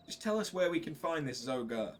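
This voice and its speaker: A man's voice: a little high, very animated, a little fast, faint music behind, pitched above the performer's own voice. A man reading a brash scornful woman fighter. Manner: blunt, scornful, folksy slang. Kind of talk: reading game dialogue aloud.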